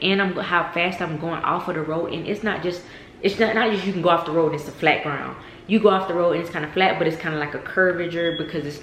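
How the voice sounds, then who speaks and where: A young woman telling a storytime vlog, animated and chatty, often saying "y'all.". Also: deep voice. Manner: animated, addresses viewers as y'all, many fillers. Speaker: vlogger. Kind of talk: casual storytime. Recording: echoey room with faint noise.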